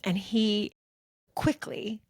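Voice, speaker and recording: A woman co-hosting a podcast, animated as she tells a story and acts out the people in it. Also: mid-range voice, drawn-out words, dry recording, clean studio sound. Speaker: podcast co-host. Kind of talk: casual chat.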